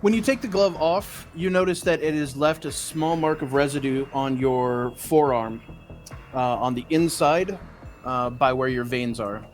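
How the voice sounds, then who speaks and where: Guy game-mastering a tabletop game, lots of ums, mid voice, quiet music behind. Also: medium pitch, a little slow. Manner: loose, filler-heavy narration.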